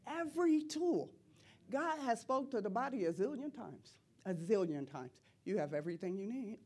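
A middle-aged woman giving an impassioned preaching testimony in church, repeating phrases and rising to loud cries. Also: fairly high pitch, lively intonation, moderate pace.

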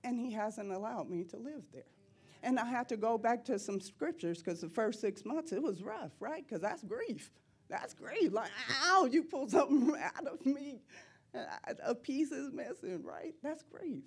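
A middle-aged woman giving an impassioned preaching testimony in church, repeating phrases and rising to loud cries. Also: on the high side, expressive, a little slow, breathy edge.

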